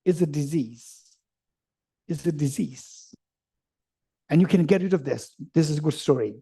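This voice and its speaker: Man, Buddhist teacher at a retreat, slightly high and mellow, playful storyteller. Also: measured pace, husky. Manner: playful storyteller who acts out everyday dialogue; repeats points and checks understanding with the audience. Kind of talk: dharma teaching to a retreat group.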